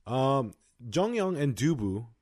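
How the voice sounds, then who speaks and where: A man's voice: medium pitch, very animated, takes it slowly, darkish tone, no echo, clean studio sound. A young man co-hosting a podcast, chatting casually with lots of fillers. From Los Angeles County. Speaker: podcast co-host. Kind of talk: casual chat.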